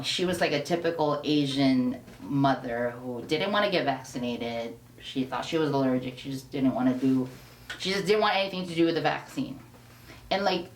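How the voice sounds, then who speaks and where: A woman telling a personal story in a candid conversation, acting out the quoted lines feeling. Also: deep voice. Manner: animated, acts out quoted dialogue. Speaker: guest. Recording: roomy echo, mic at a distance, faint hiss.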